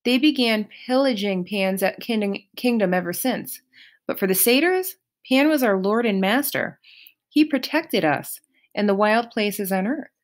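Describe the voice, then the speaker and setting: A woman voicing an anxious, earnest young male satyr with a raised, pleading voice, in a slow, lively storybook reading. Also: mid-range voice, lightly acted.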